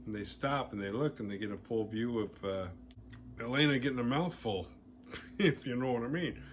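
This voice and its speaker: A man hosting a horror movie podcast retells a film's plot in a casual, animated, playfully crude style. His voice is mid-range at normal speed, with a little hiss or hum on the recording.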